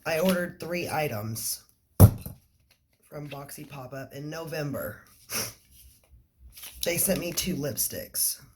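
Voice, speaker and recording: Slow-talking excited woman unboxing makeup. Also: deep voice, heavy background noise. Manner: excitable, swears casually, often says "you guys". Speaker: beauty vlogger. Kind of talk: casual unboxing vlog.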